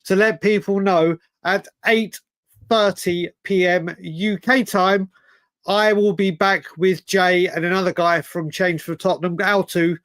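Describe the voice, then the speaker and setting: A man hosting a casual livestream chat, excitable, often laughing and repeating himself. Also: sits high, a little slow, no echo. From United Kingdom. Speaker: livestream host.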